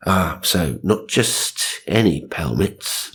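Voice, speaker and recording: A man's voice: low-pitched, unhurried, husky. A man reading silly magazine stories aloud and breaking off for dry, sarcastic asides. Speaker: narrator.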